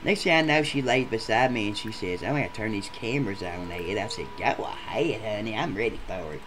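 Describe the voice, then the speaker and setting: Male actor for a foul-mouthed cartoon gameshow contestant, bright and forceful, with a very lively pitch and rambling, profane delivery. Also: fairly quick, a little hiss or hum. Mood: ranting. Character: crude rowdy adult male gameshow contestant. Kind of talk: comedic machinima voice acting.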